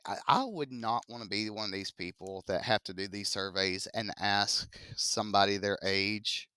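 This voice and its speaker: Math teacher, young adult, bright and punchy, dry close mic, quizzes class with playful asides. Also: medium pitch, clear, resonant tone, no echo. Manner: chatty, joking asides, quizzing students. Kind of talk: classroom statistics lecture. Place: classroom with live students.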